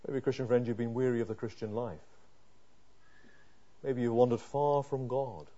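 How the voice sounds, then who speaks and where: A male preacher works through a sermon, reciting scripture and the psalmist's prayers as he builds from whispered pleading to loud, fervent emphasis. His pitch is medium, his pace moderate, and the audio has a dull quality.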